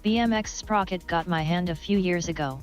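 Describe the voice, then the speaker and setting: A computer-generated woman's voice reads viewer messages aloud. Its delivery is flat and mechanical, and it sits a little low for a woman. Faint music runs behind it. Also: a little fast, dull audio. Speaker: text-to-speech chat reader. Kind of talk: synthetic reading of chat messages.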